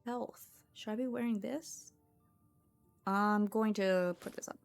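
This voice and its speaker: With faint music playing behind her, a woman comments casually on her gameplay, thinking out loud in a chatty way and laughing easily. Her gravelly voice is mid-range and steady, and she speaks slowly.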